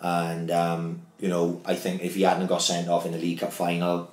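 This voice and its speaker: A man's voice: low voice, monotone, moderate pace, darkish tone. A Welsh man, a former footballer, telling sweary stories in a casual podcast chat. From Wales. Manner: loose storytelling, heavy swearing. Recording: roomy echo.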